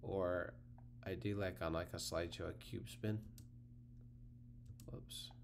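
Tutorial host, male, low and a bit gravelly, easygoing and unscripted, slight hum on the track. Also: slow. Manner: relaxed, thinking aloud while clicking through the screen. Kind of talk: casual screen-recorded software tutorial.

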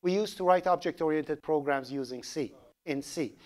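A man with a Persian accent giving a programming lecture, animated and joking, asking the class questions as he goes. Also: a little high, moderate pace. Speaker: programming instructor.

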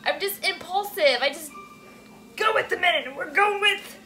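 A young woman talking casually while cooking at home, animated and swearing freely as she asks her viewers "okay?" all the time. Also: extremely high pitch, normal speed, slight background noise, rough recording. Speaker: cooking vlogger. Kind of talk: casual chatty cooking vlog.

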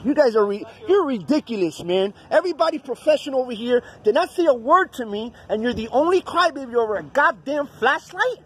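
High-voiced man arguing while filming. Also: expressive, a little fast, hardly any pauses. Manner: argumentative, profane, repeats himself. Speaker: cop-watching livestreamer. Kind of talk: confrontational livestream filming. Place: outdoors at night. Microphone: phone he films with.

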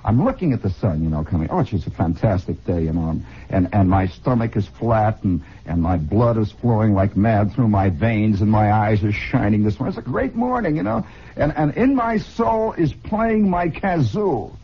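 American guy in his 40s rambling on old 60s radio, voice swoops all over, kinda husky, dull lo-fi sound. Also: on the low side, moderate pace. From United States. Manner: excitable, digressive storyteller who repeats and restarts. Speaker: radio host. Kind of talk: rambling comic radio monologue. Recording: dull lo-fi 1960s radio broadcast.

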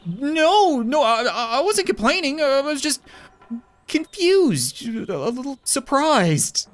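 A man's voice: very high voice, very animated, slow. A man giving crude, joking commentary while playing video games. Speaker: gaming YouTuber. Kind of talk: comedic gameplay commentary.

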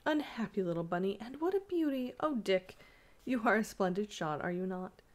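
A woman's voice: medium pitch, lively intonation, moderate pace, lightly acted. A woman reading as a sweet, teasing young wife. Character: affectionate young wife, playful and gentle.

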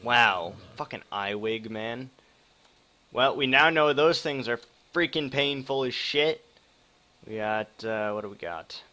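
A young man from Wisconsin streaming a survival game, with a bright, forceful voice at a middle pitch. He swears freely, panics at danger and breaks off to thank and welcome viewers in chat. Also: takes it slowly. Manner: excitable, swears a lot, talks to chat. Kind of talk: live gameplay commentary.

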